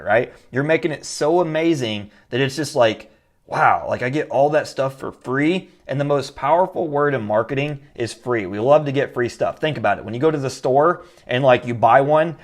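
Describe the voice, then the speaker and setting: A man teaching online marketing in a casual whiteboard tutorial, energetic and full of fillers. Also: medium pitch.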